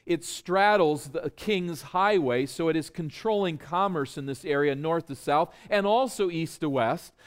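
A man's voice: fairly high pitch, unhurried, hardly any pauses, smooth. A man preaching an expository sermon. He explains step by step and puts rhetorical questions to his listeners with emphasis.

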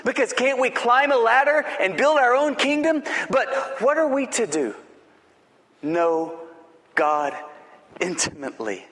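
A male pastor preaching a sermon, swinging between loud rising exhortation and hushed, low, drawn-out emphasis. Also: expressive. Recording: long reverb of a large hall.

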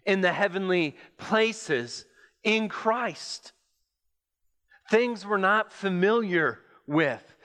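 Unhurried high-voiced preacher in a reverberant hall. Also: male voice, pushed and bright. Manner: slow, deliberate storytelling with pauses. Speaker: pastor. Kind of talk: sermon.

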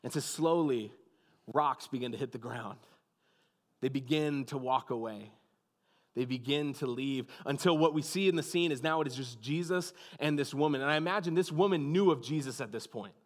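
A pastor giving a sermon, telling the story with dramatic pauses and dropping to a hushed, soft voice. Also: male voice, mid-range voice, in a large hall.

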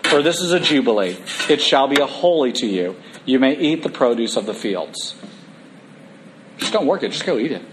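A man delivers a sermon in a church, his voice sitting a little high for a man. He moves between reading scripture and casual, animated asides to his listeners. Faint ambient noise sits behind him. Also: low-quality recording. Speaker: preacher.

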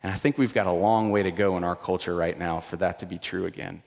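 Conversational pastor preaching in a reverberant hall. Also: male voice, low-pitched, steady tone, quick pace, gravelly. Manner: conversational, repeats words, swings between intense and hushed. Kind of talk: sermon.

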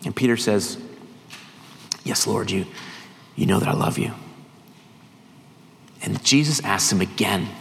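A man's voice: mid-range voice, a bit bright. A middle-aged man, a visiting missionary, preaching a sermon, telling stories and quoting scripture with rising emphasis. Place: church hall. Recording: church hall reverb, faint noise.

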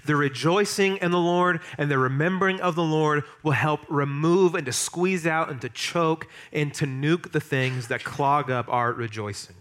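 A man preaching a sermon as pastor, lively, emphatic and humorous. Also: on the high side.

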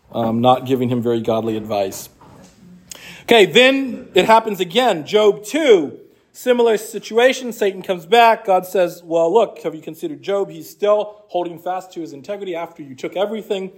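A man teaching an apologetics class, explaining scripture in a conversational way and reading passages aloud. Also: on the high side.

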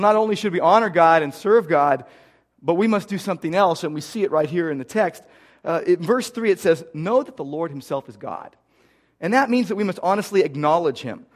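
A middle-aged man with a notably high voice delivers a sermon in an earnest way. He circles back and repeats his key phrases to drive them home. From United States. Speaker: pastor.

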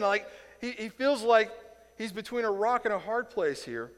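A man from Indiana teaching a Bible lesson in a casual, animated way, acting out the people in the story and chuckling as he goes. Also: high voice, normal speed, in a large hall. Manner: animated, acts out quoted voices, chuckles.

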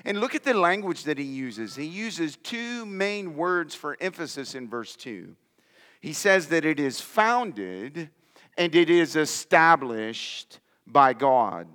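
A man's voice: on the high side, big pitch swings, slow, bright, forceful tone. Emphatic preaching man in reverberant hall. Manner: emphatic preaching, reading scripture aloud. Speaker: pastor. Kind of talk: sermon.

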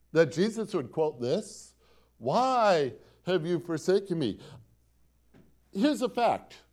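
A man's voice: high-pitched, darkish tone. A man preaching a sermon as pastor, quoting scripture dramatically, with repetition and rhetorical questions to the congregation. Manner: dramatic, quotes scripture with rising emphasis and repetition.

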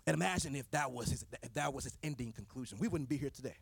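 A man's voice: medium pitch, quick pace, vocal fry, few pauses, breathy edge, no room sound. A man preaching a sermon, driving points home with repeated rhetorical questions.

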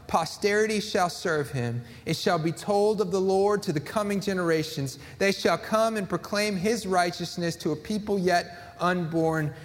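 A man delivers a sermon with earnest conviction, reading scripture and hammering key lines through repetition. His voice sits a little high for a man. It carries with a long reverb, as in a church sanctuary. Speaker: pastor.

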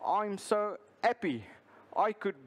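A preacher briefly doing a cheerful Cockney drummer, bursting with joy. The voice jumps up high and loud, with a Cockney accent. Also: male voice, animated, slow pace. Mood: joyful.

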